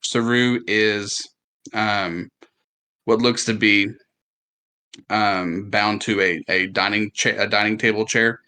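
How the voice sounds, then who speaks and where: Slow, bright-voiced male game master. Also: fairly low pitch, fairly even intonation, smooth. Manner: halting, with many fillers. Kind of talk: narrating a tabletop game.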